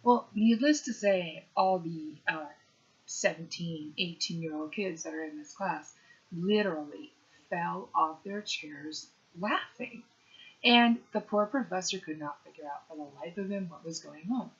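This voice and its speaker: Middle-aged female comic, lively storyteller with wry asides; lowish voice, muffled lo-fi sound. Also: measured pace. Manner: animated, punchy delivery with playful asides. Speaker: stand-up comedian. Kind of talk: storytelling monologue.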